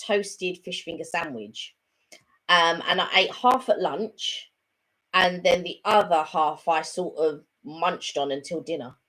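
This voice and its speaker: A woman co-hosting a casual live chat, rambling along with lots of fillers and restarts. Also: sits low.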